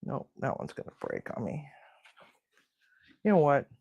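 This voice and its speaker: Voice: mid-range voice, huge pitch swings, a little slow, creaky, a little mellow, slightly rough, no room sound, muffled recording. A host chatting casually on a live cooking stream, talking to viewers and grumbling to themself while cooking in a home kitchen.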